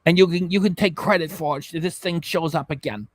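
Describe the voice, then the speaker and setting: High-voiced jokey man chatting on a livestream. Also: brisk, no room sound, studio quality. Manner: jokey, rambling, keeps slipping into silly voices. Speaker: reaction channel host. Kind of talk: casual livestream chat.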